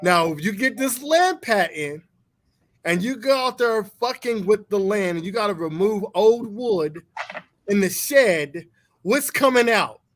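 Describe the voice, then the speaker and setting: A man co-hosting a casual chat, blunt and profane, animated as he tells stories. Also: measured pace. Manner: animated storytelling, mimics others in high voice. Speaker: podcast co-host.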